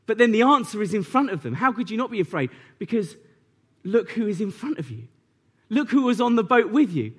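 High-voiced man preaching a sermon. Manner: conversational preaching, rises to animated retelling. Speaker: pastor.

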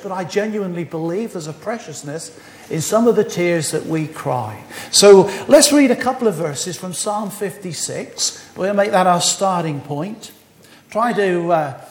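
A man preaching a sermon in church, joking with the congregation and slowing down to read scripture aloud. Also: high-pitched, reverberant. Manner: humorous, teasing the congregation, slows for scripture.

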